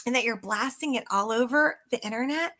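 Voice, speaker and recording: A woman's voice: a little high, brisk, pushed and bright. A middle-aged woman sales coach talking casually and emphatically to her viewers, often calling them guys. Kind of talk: casual live coaching talk.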